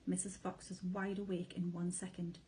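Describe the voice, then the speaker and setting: A woman teacher reads a children's storybook aloud in clear, expressive narration. Her voice is mellow and warm-toned, at a middle pitch, with a faint background hiss. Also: normal speed, low-quality recording. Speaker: primary school teacher.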